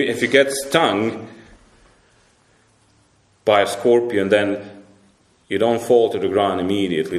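A man preaching a sermon as pastor, emphatic and repetitive, climbing up in pitch when he presses a point and dropping quiet for grave lines. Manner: emphatic, repeats words and restarts, rises sharply when stressing a point. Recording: roomy echo.

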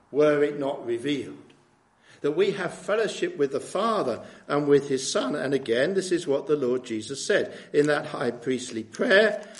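A man preaching a sermon in a conversational way, often asking tag questions of his listeners. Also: mid-range voice. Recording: echoey room.

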